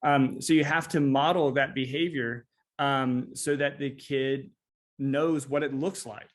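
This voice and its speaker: A man co-hosting a psychology podcast, conversational, who affirms often and tells lively everyday anecdotes. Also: mid-range voice, unhurried.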